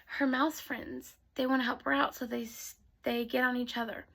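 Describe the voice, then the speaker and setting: A woman telling bedtime stories to children in a soft voice that often drops to a whisper. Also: high voice, level tone, normal speed, vocal fry. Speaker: storyteller. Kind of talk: bedtime storytelling.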